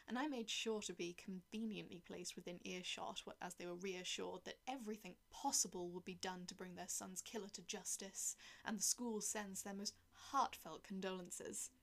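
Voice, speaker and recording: A woman reading a dark first-person story aloud in a cold, detached way, often dropping to a whisper. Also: medium pitch, creaky. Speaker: narrator.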